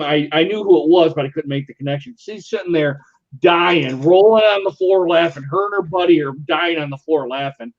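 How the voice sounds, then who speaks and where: Guy, higher-pitched, rambling, swears a lot; muffled lo-fi stream audio. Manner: rambling, profane, animated retelling. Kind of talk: casual storytelling.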